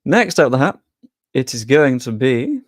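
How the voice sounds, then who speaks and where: A man's voice: mid-range voice, big pitch swings, a little slow, no echo, clean studio sound. A young man hosts a live stream, talking casually and making jokes at his own expense. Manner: chatty, jokey, self-deprecating. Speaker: streamer hosting a sweepstake draw.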